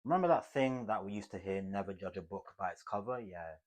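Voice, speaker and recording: A man teaching communication skills to camera in an emphatic, motivational way, swinging between loud bursts and hushed asides. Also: fairly low pitch, expressive, brisk. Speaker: communication coach.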